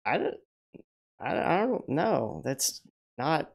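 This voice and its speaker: A man's voice: a little high, lively intonation, moderate pace, creaky, long pauses. A man hosting a livestream, telling stories casually. He rambles, restarts often, swears now and then, and acts out the people in his stories. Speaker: livestream host.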